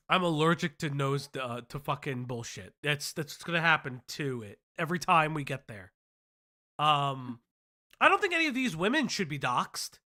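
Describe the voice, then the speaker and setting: Animated, swearing woman stream host. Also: sits low. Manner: blunt, swears often, animated. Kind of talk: casual commentary.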